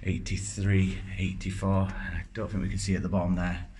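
A man's voice: low-pitched, little pitch movement, fairly quick, background noise. A man, chatting wryly and self-mockingly as he films a walk-through tour. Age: 30s. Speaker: vlogger touring a building. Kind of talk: casual walk-through commentary. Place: large empty indoor building.

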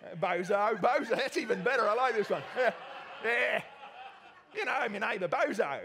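A man with an Australian accent preaching a sermon in a church, jokey and animated with self-mocking asides. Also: high voice, normal speed, creaky. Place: church hall. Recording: long church hall reverb.

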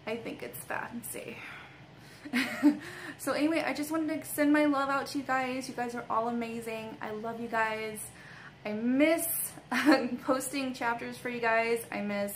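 Bright-voiced young woman gushing to fans. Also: on the high side, a little hiss or hum, rough recording. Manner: gushing, giggly, full of ums and likes. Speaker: author and vlogger. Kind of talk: casual thank-you vlog to fans.

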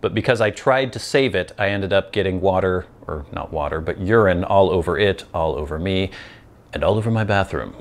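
A man's voice: low-pitched, brisk. A man from the Pacific Northwest hosting his show, chatting casually and self-deprecatingly while smoking a pipe. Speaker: host.

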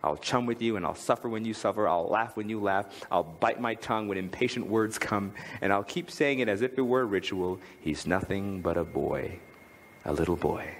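In a church, a pastor preaches a sermon, telling a family story and reading a poem aloud. He's lively, swinging his tone from high to low as he reads, at a moderate pace, with big-room sound and slight background noise.

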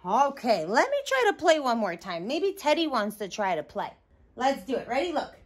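A young woman hosting a children's learning show, talking to toddlers in a slow, exaggerated, encouraging way. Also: a little high, sing-song. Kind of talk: sing-song talk to small children.

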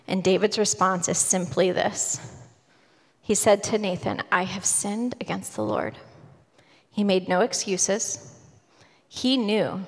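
Woman preacher telling a bible story casual-like, mid pitch, big echoey church hall. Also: fairly even intonation, unhurried. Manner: conversational storytelling sermon, voices quoted figures casually. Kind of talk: sermon. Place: church sanctuary. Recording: long hall reverb in a church.

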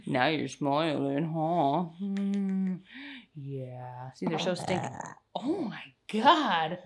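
A young woman and tired mother chatting at home in a home vlog, slipping into high sing-song baby talk. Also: big pitch swings, extremely slow, a bit bright. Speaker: mother of infant twins.

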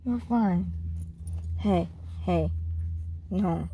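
A woman's voice: on the low side, very slow, mellow, a little hiss or hum. A woman filming her small dog, cooing and scolding it in baby talk.

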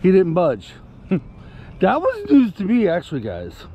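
High gravelly man ranting casually. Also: wildly swooping pitch, measured pace, mellow, dull audio. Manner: indignant, rambling, talks to his puppy mid-story. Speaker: vlogger. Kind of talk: casual storytelling to camera.

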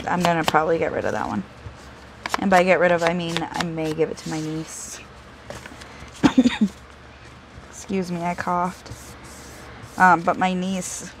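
Woman, craft vlogger, lower voice, rambling and self-deprecating, thinks out loud as she works. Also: slight background noise, low-quality recording. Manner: chatty, self-deprecating, talks to herself while working. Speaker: craft video host. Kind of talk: casual crafting tutorial.

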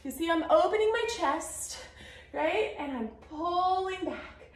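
A high-voiced woman in her thirties leads a low-impact arm workout, upbeat and encouraging as she counts through the reps. She sounds a little out of breath. Her voice rings in the echo of a home garage. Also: animated, a little slow. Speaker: fitness instructor. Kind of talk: guided workout instruction. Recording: echoey garage.

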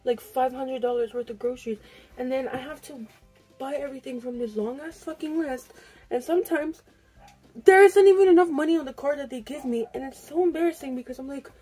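A woman's voice: sits high, a little fast, mellow, husky, faint music behind. A young woman vlogging at home, rambling through an exasperated story and swearing freely while she gets ready. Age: young adult. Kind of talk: casual get-ready-with-me vlog chat. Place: home, indoors.

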